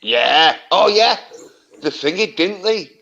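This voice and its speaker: A man's voice: high voice, animated, slow, creaky, pushed and bright. Rambling man with a dull sound. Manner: rambling, hesitant, full of fillers. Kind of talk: casual livestream chat.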